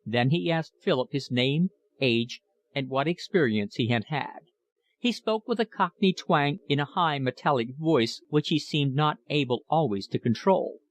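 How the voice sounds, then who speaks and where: A man's voice: on the high side, expressive, a little slow, no room sound. Man reading a classic novel aloud. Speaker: audiobook narrator. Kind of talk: scripted narration.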